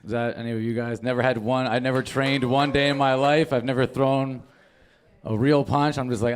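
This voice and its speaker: Young man, stand-up comedian, casual storytelling, profane, mid-pitched voice. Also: steady tone, normal speed.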